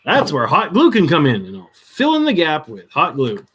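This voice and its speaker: A man's voice: a little high, wildly swooping pitch, normal speed, fairly bright tone, breathy edge. A man chatting casually on a crafting livestream, muttering to himself as he works, with dry sarcastic asides.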